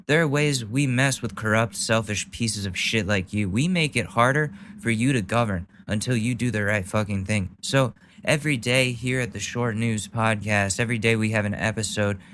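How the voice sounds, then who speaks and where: A man's voice: lowish voice, normal speed, few pauses, fairly bright tone, slight background noise. Angry, swearing podcast host, a man. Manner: angry, profane, blunt. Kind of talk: angry political rant.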